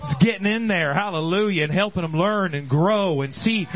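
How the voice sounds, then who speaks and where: A man preaching a sermon in a church service, building up to shouted, repeated exhortations. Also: high-pitched, moderate pace, few pauses, highs cut off. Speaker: pastor.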